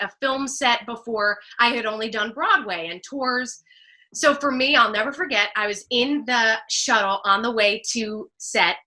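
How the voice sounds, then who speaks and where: A woman from New Jersey, a guest telling an animated personal story, laughing often and acting out what people said. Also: on the high side. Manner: expressive, laughs often, acts out quotes. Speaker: guest, speaker.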